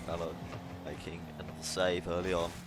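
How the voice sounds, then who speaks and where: A man with an Irish accent giving play-by-play esports commentary, lifting to excited calls at big plays. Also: low voice, a little fast. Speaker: esports caster. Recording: noisy background.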